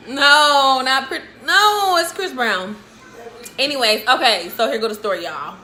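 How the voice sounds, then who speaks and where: High, bright woman cutting in. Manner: blunt, playful, jumps in with comments. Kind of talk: casual storytime chat. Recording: echoey room.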